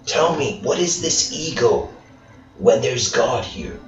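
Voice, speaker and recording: A man's voice: medium pitch, animated, takes it slowly, background noise, pitched above the performer's own voice. A man voicing a restless male student who fires questions at a yogi in a spoken story. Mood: searching. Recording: echoey room, far mic, dull sound.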